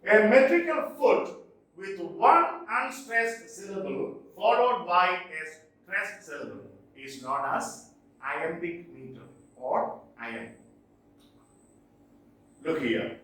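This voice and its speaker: Slow, echoey man teaching poetic meter. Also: high-pitched, expressive, fairly bright tone, far from the mic. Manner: slow and deliberate, tapping out stresses. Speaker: English teacher. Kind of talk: classroom lecture. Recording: very echoey room, voice off-mic.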